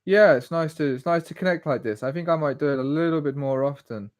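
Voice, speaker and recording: A man's voice: fairly high pitch, quick pace, a little mellow, no room sound, studio quality. A man, chatting casually on a solo livestream and rambling off on tangents. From England. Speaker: live stream host.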